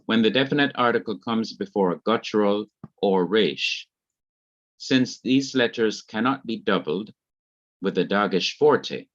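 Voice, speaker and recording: Slow, deliberate male Hebrew teacher. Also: on the low side, expressive, dry recording, lo-fi sound. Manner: deliberate, repeats key points. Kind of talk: slow classroom explanation.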